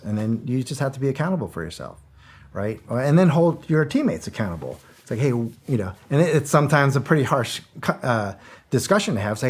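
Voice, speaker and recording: A man's voice: mid-range voice, very animated, fairly quick, husky. A middle-aged man and former soldier telling stories as a guest in a casual interview, rambling, repeating himself and swearing freely. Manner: rambling, repeats words, swears freely, acts out quoted dialogue.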